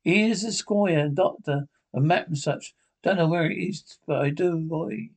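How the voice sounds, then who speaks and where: A man reading aloud and voicing a cunning, boastful old pirate quartermaster in rough sailor dialect. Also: a little high, unhurried. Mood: commanding.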